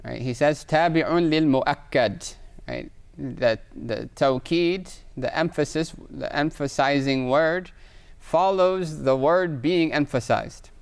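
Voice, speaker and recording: A man's voice: on the high side, measured pace, gravelly, smooth. A man teaching an Arabic grammar lesson, explaining patiently and reading Arabic examples aloud, often checking in with "right?". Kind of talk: recorded online lesson.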